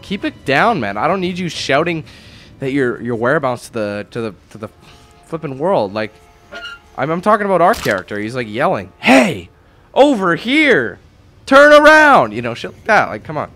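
A man's voice: mid-range voice, big pitch swings, a little fast, fairly bright tone. A man narrating his own gameplay in a loose, casual way, swearing freely and restarting his sentences. His voice sits mid-range. Faint game music plays underneath. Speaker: gameplay commentator. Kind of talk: casual let's-play commentary.

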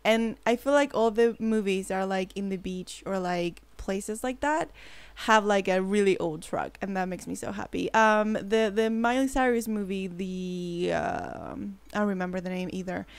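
A woman's voice: medium pitch, normal speed, smooth, dry recording. A woman hosting a casual gameplay commentary, bubbly and rambling, often gasping and gushing as she talks. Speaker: let's play host.

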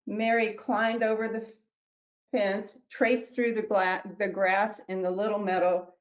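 A woman who wrote a children's book reads it aloud with gentle storybook narration and small slips, then talks about it. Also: medium pitch, little pitch movement, measured pace, dull audio. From New Mexico, US. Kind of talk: reading her picture book aloud.

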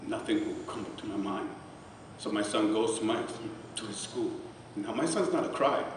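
Speaking at normal speed in a lowish voice, a middle-aged man delivers a heartfelt testimony as a guest at a charity celebration, now and then getting choked up. His conversational speech echoes through a large event hall, picked up by a distant mic amid background noise.

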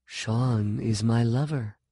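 A man voicing an ageless wild-haired witch who speaks softly, slowly and possessively. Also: medium pitch, dry recording, studio quality. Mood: dreamy. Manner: soft, hushed and slow.

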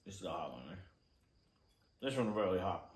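A man's voice: low-pitched, expressive, recorded from a distance. A man chats his way through a hot sauce tasting, his mouth burning as he goes. He restarts sentences and repeats words while hunting for the right description. He sits some way back from the mic in an echoey room with a faint hiss behind him. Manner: halting, repeats words while searching for them. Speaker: food reviewer. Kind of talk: casual tasting chat.

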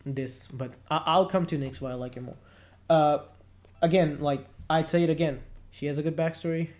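A man talks casually and eagerly in a gaming video, his voice sitting a little high for a man. He rambles, restarts his sentences and leans on "like" as filler. Soft background music plays quietly behind him. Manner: rambling, fills speech with "like", enthusiastic.

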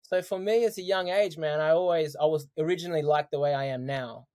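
A man, a podcast guest telling his story in casual, animated chat, laughing often. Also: fairly high pitch, a little fast. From Australia.

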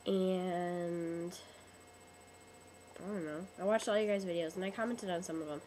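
A woman's voice: on the low side, steady tone, a little slow, darkish tone, a little hiss or hum, low-quality recording. A young woman who is sick and losing her voice, chatting in a rambling, casual webcam vlog. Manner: chatty, rambling, lots of ums. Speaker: vlogger.

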